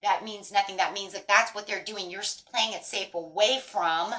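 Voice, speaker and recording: A woman's voice: medium pitch, steady tone, normal speed, bright, forceful tone, low-quality recording. A woman giving a tarot reading in a blunt, emphatic way, swearing freely as she talks straight to her viewers. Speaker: tarot reader.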